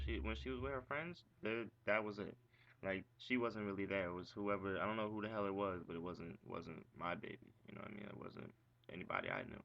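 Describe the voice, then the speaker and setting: A man's voice: sits low, creaky. A young man venting in a rambling, profane, frustrated monologue about a girl. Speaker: vlogger. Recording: dull lo-fi recording with faint hiss.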